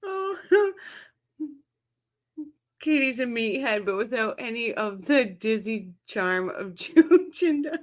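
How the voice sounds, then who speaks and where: A woman's voice: on the high side, measured pace, few pauses. Giggling woman hosting a livestream. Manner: laughing helplessly, greeting viewers. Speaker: livestream host. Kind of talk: casual livestream chat.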